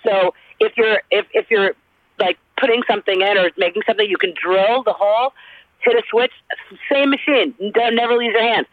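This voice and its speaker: A woman from Alabama with a Southern accent, a guest chatting in an animated, rambling way. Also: mid-range voice, a little fast, dry recording. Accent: Southern American. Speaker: actress guest. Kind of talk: casual chat. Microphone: phone call. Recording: dry, tinny phone line.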